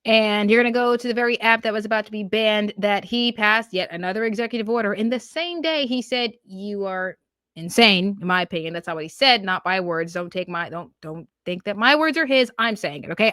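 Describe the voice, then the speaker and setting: A woman's voice: medium pitch, fairly quick, fairly bright tone, no room sound, studio quality. A woman hosting a commentary show, talking emphatically and laughing, with slang like "yo" and "okay" thrown in. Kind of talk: opinionated commentary.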